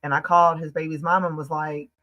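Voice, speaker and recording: A woman from the United States telling a personal story as a podcast guest in casual chat, emphatic and fast-flowing with lots of "like" fillers. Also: low-pitched, little pitch movement, sharp tone, highs cut off.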